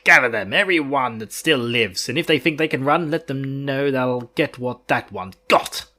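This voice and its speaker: A man voicing a vengeful, sinister male villain in a book reading, with a low, menacing snarl. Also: moderate pace, sharp tone, lightly acted.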